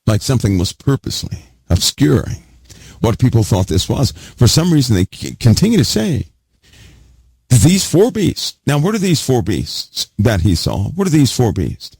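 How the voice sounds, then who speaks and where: A man's voice: mid-range voice, vocal fry, a little mellow, slightly rough, no room sound. A man preaching a sermon, stressing key words over and over and putting questions to his listeners. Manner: emphatic, repeats key words, asks the audience questions. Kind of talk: sermon teaching.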